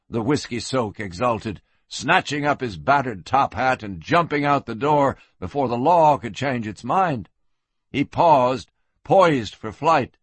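Husky-voiced male western storyteller. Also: mid-range voice, unhurried, no echo. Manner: lively storytelling. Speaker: audiobook narrator. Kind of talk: scripted narration.

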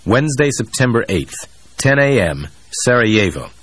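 A man narrating a thriller audiobook in a steady, even storytelling voice, recorded close on a studio mic. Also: medium pitch, moderate pace, breathy edge, no echo.

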